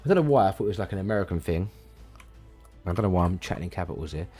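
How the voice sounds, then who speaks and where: Male streamer, lowish voice, rambling and stammery, casual swearing. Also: expressive, very fast, mellow, husky, soft background music. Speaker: live streamer. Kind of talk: casual live-stream chat.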